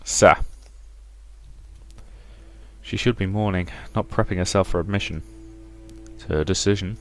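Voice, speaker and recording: A young man playing a sci-fi visual novel, reading out every character's lines with shifting pitch and loudness. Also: moderate pace, creaky, long pauses, faint music behind. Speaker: game let's-player.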